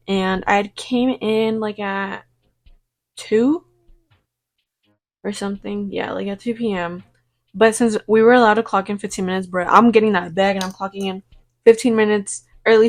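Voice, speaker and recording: Rambling young woman, swearing. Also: medium pitch. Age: young adult. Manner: rambling, swears freely, mimics her own past replies. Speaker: vlogger. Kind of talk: get-ready-with-me storytime chat.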